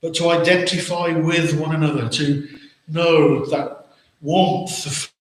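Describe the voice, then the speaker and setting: Earnest preacher in a very echoey church. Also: male voice, fairly high pitch, steady tone, slow. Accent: English. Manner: earnest, rhetorical questions, repeats words. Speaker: pastor. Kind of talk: sermon. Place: church hall.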